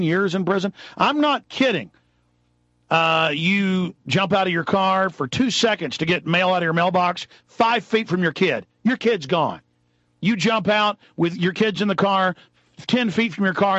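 A man hosting a radio talk show, delivering a heated, angry political rant that builds into shouting. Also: sits high, dry recording, lo-fi sound. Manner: fast, angry, rising to shouts. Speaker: radio host.

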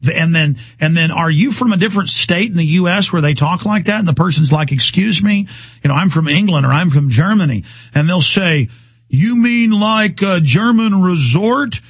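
Heated, husky-voiced talk radio host. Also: male voice, a little high, a little fast, no echo. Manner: rambling, heated, mimics voices in quotes.

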